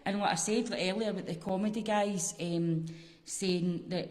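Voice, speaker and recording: A Scottish woman, a comedian guest on a podcast, telling sweary, animated stories in casual chat. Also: medium pitch, moderate pace, in a large hall, a little hiss or hum. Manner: sweary, animated storytelling with frequent laughs.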